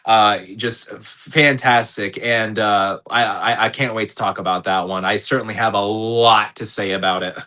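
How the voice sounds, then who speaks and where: Bright-voiced male podcast host. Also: on the low side, fairly even intonation, normal speed, hardly any pauses. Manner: easygoing, hesitant with many fillers. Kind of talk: casual chat.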